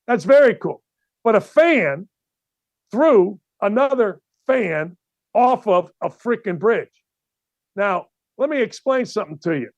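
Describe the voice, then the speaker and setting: A middle-aged man hosting a sports talk show, ranting bluntly and loudly with plenty of exasperation, speaking into a studio mic toward the camera. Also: sits high, sing-song, slow, dry recording, lo-fi sound. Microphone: studio mic facing camera.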